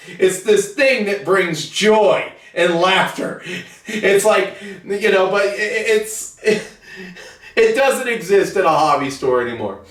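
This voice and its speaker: A man's voice: high-pitched, animated, takes it slowly, a bit bright. A man host ranting bluntly and profanely in a casual monologue about his tabletop hobby, in his basement hobby room. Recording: echoey room, far from the mic.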